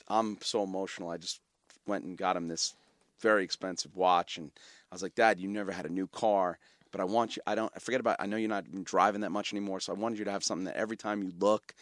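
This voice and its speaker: A man, telling personal stories as a podcast guest, animated and full of fillers and restarts. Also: low voice, fast, no echo, studio quality. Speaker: guest, media company founder. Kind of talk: casual interview storytelling.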